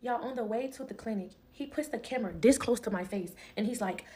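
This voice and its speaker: A young woman rattles off a casual storytime at a brisk clip, her voice sitting a little on the high side. She is emphatic and slangy, laughing easily and throwing herself into the lines she quotes from other people. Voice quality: animated, emphatic, quick to laugh.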